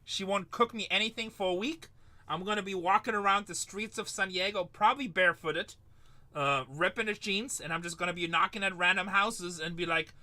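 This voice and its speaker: Middle-aged male break host, rambling jokey patter, forceful bright tone. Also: high-pitched, a little fast. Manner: rambling, joking, swears casually, calls out teams. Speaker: live card break host. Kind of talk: livestream sales chat.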